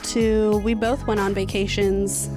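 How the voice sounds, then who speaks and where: A woman from San Antonio co-hosting a podcast in casual chat, talkative and quick to laugh. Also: medium pitch, flat delivery, music in the background. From San Antonio, Texas, USA. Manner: chatty, easy laughter. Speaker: podcast co-host.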